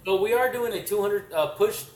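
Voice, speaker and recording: A man talks loosely and haltingly, stopping for fillers and correcting himself as he goes. His voice sits a little high and comes from some distance off the mic. The room around him rings with echo, and a faint hiss runs under it. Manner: rambling, halting, lots of fillers and self-corrections. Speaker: comic collector vlogger. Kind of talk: casual show-and-tell vlog.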